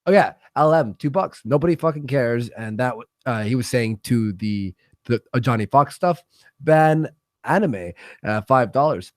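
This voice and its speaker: A Canadian man hosts a livestream, chatting casually with a guest, swearing freely, laughing loudly, and reading viewers' donation messages aloud. His mid-range voice is expressive and moderately paced, recorded in clean studio sound with no echo.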